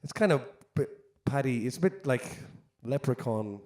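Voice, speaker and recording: A man's voice: mid-range voice, lively intonation, normal speed, a little mellow. An Irish man, a singer-songwriter telling a rambling, self-deprecating story between songs at a live concert. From Ireland.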